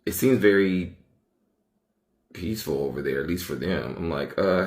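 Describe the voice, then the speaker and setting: A man's voice: low voice, moderate pace, long pauses, darkish tone. A man thinks aloud in a rambling, hesitant way, in casual social media commentary. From United States.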